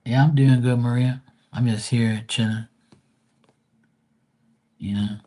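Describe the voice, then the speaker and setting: A man's voice: medium pitch, fairly even intonation, takes it slowly, warm tone. A man reading tarot cards and chatting casually with viewers on a live stream, calling them by name and swearing lightly.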